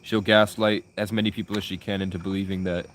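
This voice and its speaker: A man's voice: deep voice, level tone, quick pace, fairly bright tone, a little hiss or hum. A young man telling personal stories in a rambling, profane, casual way, full of restarts. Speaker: vlogger.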